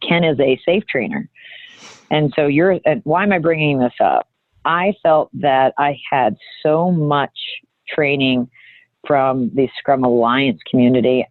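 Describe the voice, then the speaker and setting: A woman guest telling a personal story in an earnest, halting way, often restarting her sentences. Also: extremely low pitch, no echo. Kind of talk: candid reflective storytelling. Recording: thin phone-like audio.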